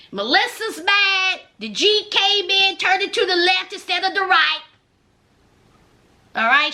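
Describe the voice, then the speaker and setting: Sassy woman w/ aave, real high bright voice, dishing on a reality show, swoops up and down a lot. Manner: sassy, animated, addresses people on the show directly. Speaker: reality show recap commentator. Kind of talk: casual commentary recap.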